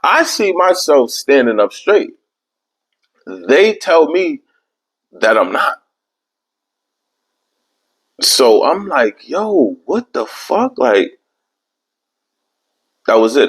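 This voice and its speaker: A man's voice: medium pitch, very animated, slow pace, long pauses, husky. A young man hosting a podcast, telling a long story in casual, profane, rambling chat. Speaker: podcast host.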